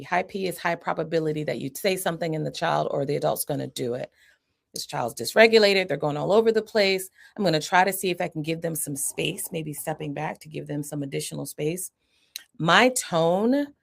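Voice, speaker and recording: A woman's voice: fairly low pitch, vocal fry. A middle-aged woman psychiatrist giving an educational talk in a conversational, explanatory way, often checking in with the listener.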